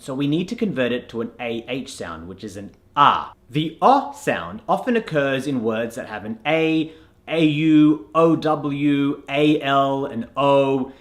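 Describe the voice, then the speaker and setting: Male accent coach, animated delivery, clear and instructive, breaks sounds down letter by letter. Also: medium pitch, unhurried. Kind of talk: instructional lesson.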